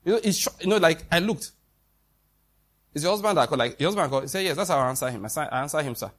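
A man's voice: a little high, expressive, racing, fairly bright tone. Man preaching. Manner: conversational preaching with quoted dialogue and rhetorical questions. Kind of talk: sermon.

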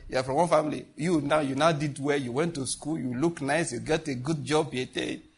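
A man preaching a sermon as pastor, repeating phrases and swinging between loud and hushed delivery. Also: mid-range voice, breathy edge.

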